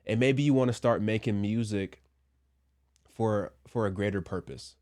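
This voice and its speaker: A man with a fairly low voice talks through his commentary casually, tossing in joking asides. He sounds slightly under the weather and speaks from a Christian view. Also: unhurried, darkish tone. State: a little sick. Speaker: commentary vlogger.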